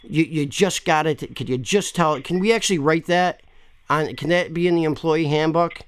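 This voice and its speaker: A man's voice: a little high, normal speed, clear, resonant tone. A man making a prank call to a store, rambling, pushy and swearing often. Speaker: caller complaining to a store.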